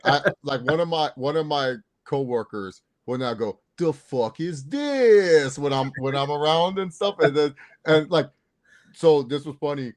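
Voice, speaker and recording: A man's voice: a little high, moderate pace. A man co-hosting a sports podcast, chatting casually, rambling and repeating words and laughing at himself. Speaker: podcast co-host. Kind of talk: casual chat.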